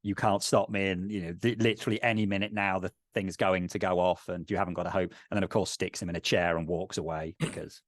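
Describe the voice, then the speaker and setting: Low-voiced man musing on game design. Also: steady tone, quick pace, few pauses, dry recording, studio quality. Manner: rambling, thinks aloud with many fillers. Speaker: podcast co-host. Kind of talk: casual discussion of game design.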